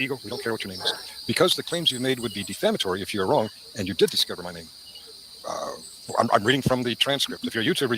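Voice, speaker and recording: A man co-hosting a casual livestream, reading comments aloud in a brisk, dismissive way. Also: mid-range voice, noisy background. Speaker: livestream co-host.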